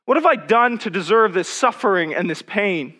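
High-voiced man preaching a sermon. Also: lively intonation, bright, forceful tone. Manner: reads scripture slowly, then rises in pitch and force on personal questions.

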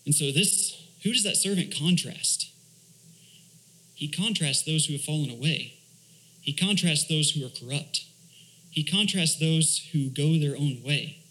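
A man's voice: fairly high pitch, measured pace, fairly bright tone, rough recording. Man preaching a sermon. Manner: asks rhetorical questions and reads scripture aloud; explains Hebrew words. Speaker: church elder teaching.

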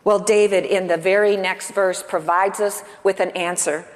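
A woman's voice: mid-range voice, fairly even intonation, moderate pace, long reverb tail. A woman pastor preaching a sermon with earnest emphasis, asking the congregation rhetorical questions. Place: church.

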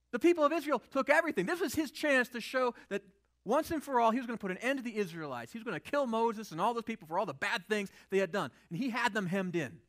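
A man's voice: very high-pitched, fairly bright tone. A male pastor preaching a sermon in a conversational way, often asking the audience rhetorical questions.

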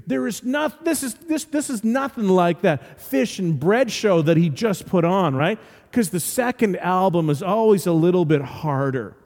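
Male pastor, high voice, lively storytelling sermon, long hall reverb. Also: moderate pace. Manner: animated storytelling with humorous asides.

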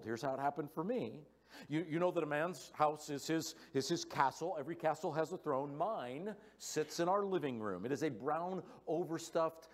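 Middle aged guy preaching in church, jokey storyteller, slightly higher voice. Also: big-room sound. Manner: storytelling with playful humor. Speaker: guest preacher. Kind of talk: sermon. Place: church sanctuary.

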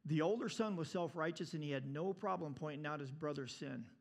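Male preacher, sermon, high voice, animated delivery, loud to hushed. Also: brisk, vocal fry.

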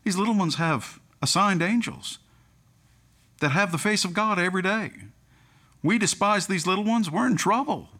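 A man's voice: high voice, moderate pace, pushed and bright. A man preaching a sermon, telling humorous anecdotes and chuckling at his own stories. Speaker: pastor.

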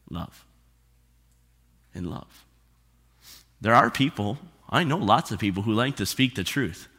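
A pastor with a medium-pitched, sharp voice preaches to his congregation in a church sanctuary, speaking conversationally and posing many rhetorical questions. The reverberant church hall echoes around him.

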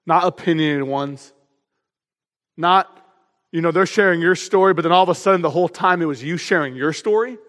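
A man preaching a sermon as pastor, energetic and humorous in a conversational way. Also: fairly high pitch, a little fast. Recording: long hall reverb.

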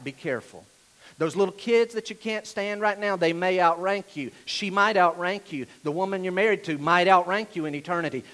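A man with a Southern drawl preaches a sermon in a high voice that leaps up and down. He talks straight to his congregation in a conversational way, throwing them pointed questions one after another. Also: a bit bright. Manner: direct, conversational, questioning the listeners. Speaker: pastor.

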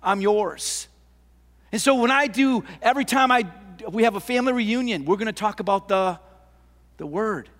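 An older man preaching a sermon as pastor, impassioned, with rhetorical questions, swinging between loud lines and hushed ones. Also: sits high, normal speed. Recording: long hall reverb.

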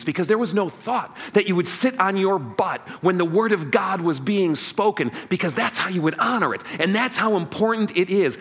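A man preaching a sermon as pastor, leading the congregation in call and response. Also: on the high side. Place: church sanctuary.

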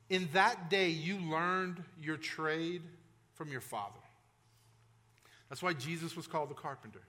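A man's voice: on the high side, a little slow, bright, forceful tone. A male pastor preaching a sermon in a conversational, emphatic way, with frequent restarts and asides to the congregation.

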